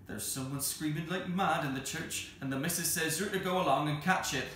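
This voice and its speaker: A man's voice: fairly high pitch, brisk, fairly bright tone, voice pushed up, natural voice. A man voicing a cheeky young housemaid with common speech in a storybook reading. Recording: roomy hall with faint noise.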